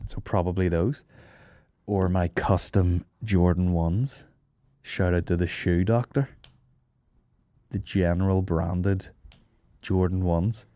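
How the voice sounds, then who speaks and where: A man's voice: low voice, fairly even intonation, takes it slowly, long pauses, warm tone, no room sound. A man hosting a podcast, chatting casually with lots of swearing and joking. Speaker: podcast host. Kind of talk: casual chat.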